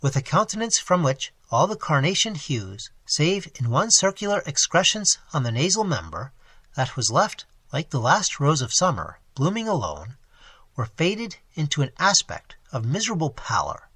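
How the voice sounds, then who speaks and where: A man narrating a classic novel as an audiobook, telling it in an expressive, animated way. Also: fairly high pitch, normal speed, breathy edge, no room sound. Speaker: audiobook reader.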